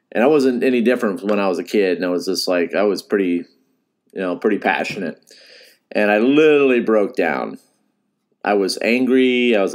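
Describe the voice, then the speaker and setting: A middle-aged man, a fishing guide, telling a personal story in a casual, rambling way, with restarts and laughs. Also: low voice. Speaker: fishing guide and podcast host.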